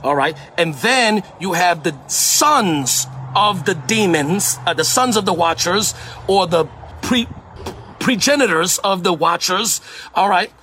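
A man's voice: high-pitched, lively intonation, takes it slowly, sharp tone, slight background noise. A man from Puerto Rico preaching in an emphatic way, often repeating phrases for emphasis. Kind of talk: sermon-style teaching.

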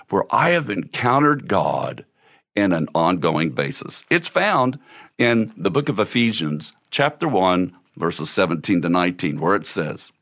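A male preacher with a lively, sweeping voice. He takes his time, pacing his words slowly as he moves from quiet, low passages to excited, high-pitched exclamations. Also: dry recording, clean studio sound. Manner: animated storyteller who swings between hushed lows and excited high outbursts. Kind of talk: sermon storytelling.

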